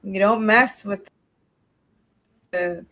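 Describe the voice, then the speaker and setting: Woman chatting, soft and thoughtful, mid pitch voice. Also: fairly even intonation, extremely slow. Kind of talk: casual conversation.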